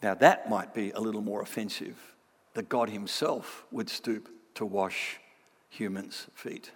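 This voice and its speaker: An academic man gives a lively Bible lecture and keeps checking in with tag questions. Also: lowish voice, unhurried, husky, big-room sound. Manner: animated, with frequent tag questions.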